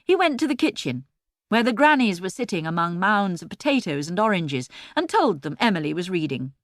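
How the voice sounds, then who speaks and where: A woman narrating a children's storybook in an expressive, lively way, recorded close on a studio mic. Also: mid-range voice, a little fast, dry recording. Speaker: audiobook narrator.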